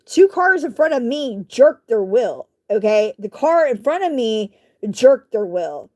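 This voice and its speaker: A woman vlogger telling a story in casual speech. She rambles with lots of fillers and asides and keeps clearing her throat. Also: a little high, measured pace. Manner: rambling, animated retelling with many fillers and asides.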